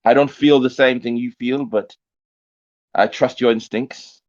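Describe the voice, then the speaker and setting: A man voicing a capable female adventurer in a tabletop game, calm and measured. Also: medium pitch, dull audio, close to an everyday voice. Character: capable young woman adventurer.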